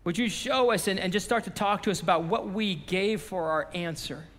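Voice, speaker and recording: A man preaching a sermon as pastor, swinging from impassioned shouting to a hushed closing prayer. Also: high-pitched, moderate pace, big-room sound. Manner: impassioned, shouting repeated phrases, then dropping to a quiet prayer.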